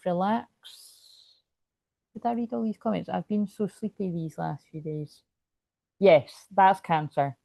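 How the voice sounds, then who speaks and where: A woman's voice: low-pitched, creaky, darkish tone, no room sound. A woman hosting a spiritual astrology livestream, rambling and chatty as she reads viewer comments. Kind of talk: casual livestream chat.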